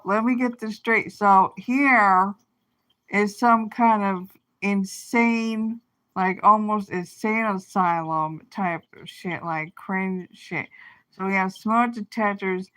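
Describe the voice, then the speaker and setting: Slow, profane ranting woman streamer. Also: medium pitch, fairly bright tone. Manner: profane, rambling, venting with frequent restarts. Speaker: livestreamer. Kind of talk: angry livestream rant.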